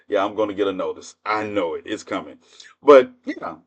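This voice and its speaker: A man's voice: on the low side, normal speed. A man in his fifties hosting a livestream, telling stories in a blunt, profane, laughing way. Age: 50s. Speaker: livestream host. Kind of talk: casual storytelling monologue.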